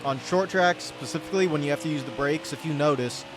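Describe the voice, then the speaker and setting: Guy streaming a racing game, kinda high voice, ranting and tripping over his words, game music loud behind him. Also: fast talker. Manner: rambling, self-interrupting, exasperated rants. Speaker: gaming channel host. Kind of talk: live gameplay commentary. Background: game music and car engine sounds.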